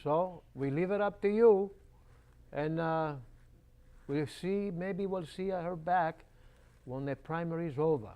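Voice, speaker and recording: A man's voice: a little high, unhurried, dark tone. An older man hosting a local TV interview, talking in a folksy, chatty and jokey way. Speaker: local TV host. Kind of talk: casual interview talk. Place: local cable TV studio.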